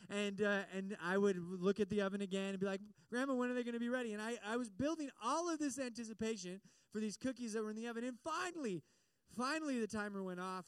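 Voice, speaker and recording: A man's voice: high voice, smooth, no room sound. A young man giving a casual, chatty sermon with a personal story, often asking the audience questions. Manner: chatty and animated, many fillers, asks the audience questions.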